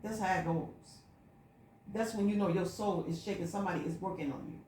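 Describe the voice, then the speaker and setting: A woman's voice: lowish voice, fairly even intonation, brisk, darkish tone, slight background noise. A woman vlogging a personal spiritual monologue, telling her story in an emphatic, repetitive, looping way. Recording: echoey room.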